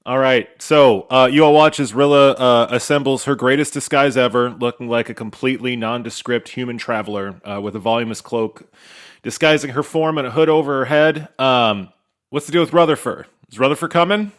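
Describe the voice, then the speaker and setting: A man as game master, narrating a tabletop game in a relaxed, upbeat and joking way with frequent fillers. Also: medium pitch, fairly quick.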